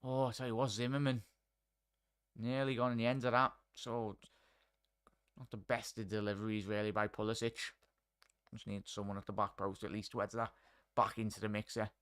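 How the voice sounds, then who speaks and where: A man's voice: lowish voice, little pitch movement, normal speed, pauses often, a bit bright, clean tone. Chatty man commentating live football. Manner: chatty, addresses chat and viewers by name. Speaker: watchalong host.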